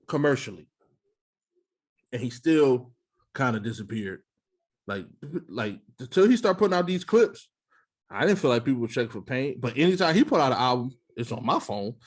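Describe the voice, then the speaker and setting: A man co-hosting a podcast in casual banter, laughing often, swearing freely and slipping into quick impressions. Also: medium pitch. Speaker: podcast host.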